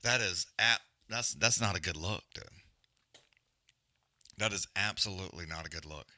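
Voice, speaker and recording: A man's voice: deep voice, moderate pace, pushed and bright, no room sound. A man hosting a livestream, giving casual, profane, rambling commentary on a fight and griping about stream glitches. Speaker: livestream host.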